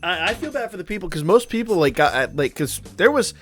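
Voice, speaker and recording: Speaking in a high, fairly bright voice, this game streamer is very animated and quick-paced. He rambles and curses as he talks casually with viewers and responds to their messages over faint background music.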